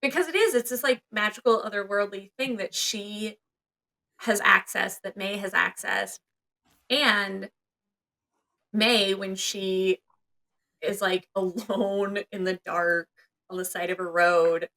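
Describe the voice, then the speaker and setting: Young woman podcast co-host, bright tense tone, animated and chatty. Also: medium pitch, slow pace. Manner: animated, acts out characters' lines. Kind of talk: casual movie chat.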